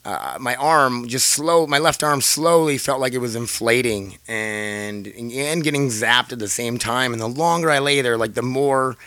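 A man's voice: mid-range voice, unhurried, hardly any pauses, sharp tone, no echo. A man casually telling viewers a rambling, profane story, laughing often, his throat a little scratchy.

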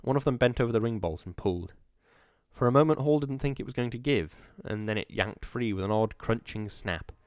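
A man narrating a story as an audiobook, in a steady, measured way. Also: mid-range voice, dry recording, studio quality.

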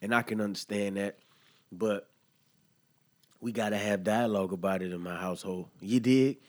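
Heated low-voiced man ranting on a podcast. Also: fairly even intonation, moderate pace, darkish tone. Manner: heated, earnest, peppered with "man" and profanity. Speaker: podcast host. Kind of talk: emotional solo podcast monologue.

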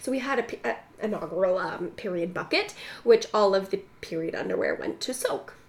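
A woman's voice: medium pitch, lively intonation, brisk. Young woman, podcast co-host, casual storytelling, voice jumps all over, laughing, acts out quotes. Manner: swears freely. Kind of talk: casual chat.

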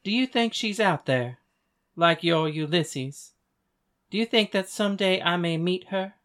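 A voice actor playing a gentle young man who speaks in a soft, hesitant way. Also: medium pitch, expressive, measured pace. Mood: tender. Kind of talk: audiobook dialogue reading.

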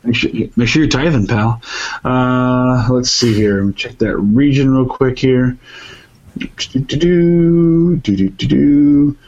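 A man's voice: mid-range voice, steady tone, a little slow, dull audio. Rambling male podcast co-host. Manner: rambling, laughs easily. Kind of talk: casual podcast chat.

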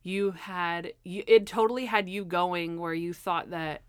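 Woman podcast co-host, casual and animated, dry recording. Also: fairly low pitch, a little slow, smooth, no room sound. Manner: animated, retells scenes with acted voices. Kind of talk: casual chat reviewing a TV episode.

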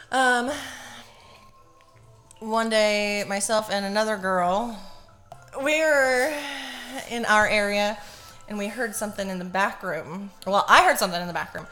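A woman's voice: medium pitch, fairly bright tone. A young adult woman co-hosting a podcast, telling stories in a loose casual way, swearing freely and laughing easily. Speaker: podcast co-host. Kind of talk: casual storytelling chat.

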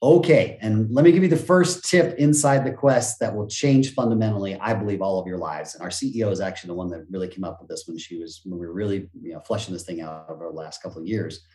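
A man talking as a motivational speaker and business coach on a podcast, energetic, acting out quoted voices and gasps, with some casual swearing. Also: low-pitched, quick pace, hardly any pauses, roomy sound. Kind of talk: energetic conversational interview talk.

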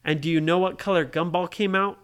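A parent telling a made-up story to a child, pausing to ask the child questions. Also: mid-range voice, steady tone, smooth. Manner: slow, asks the listening child questions. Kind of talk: bedtime story told to a child.

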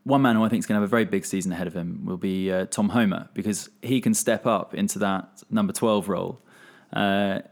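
A young man with a low voice co-hosts a casual podcast. He builds his points in a measured way, with plenty of ums and uhs along the way. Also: steady tone. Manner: measured, filler-heavy, analytical. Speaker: podcast co-host.

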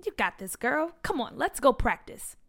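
A woman voicing an excited, encouraging fifth-grade girl in a storybook reading, upbeat and cheering. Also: high voice, moderate pace, vocal fry, heavily acted.

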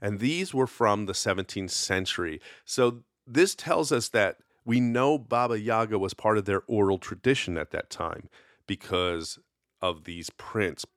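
A man's voice: on the low side, a little slow, fairly bright tone, dry recording, clean studio sound. A man hosting a casual solo podcast, telling folklore in a rambling, conversational way with lots of fillers. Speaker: podcast host.

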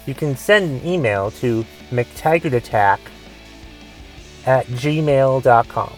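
A man's voice: medium pitch, lively intonation, slow, faint music behind. A young man hosting a solo podcast, ranting in a casual, rambling way with restarts and swearing. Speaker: podcast host.

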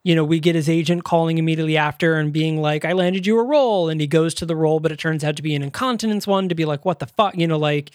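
A man's voice: fairly high pitch, steady tone, racing, hardly any pauses, dry recording, clean studio sound. A man co-hosting a podcast, reviewing a movie in casual chat and rambling with lots of fillers. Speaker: podcast co-host.

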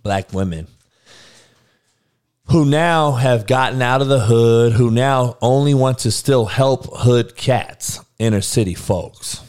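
A man's voice: medium pitch, slow, a little mellow. A man hosting a show, delivering an irritated, profane, blunt ranting monologue. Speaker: show host.

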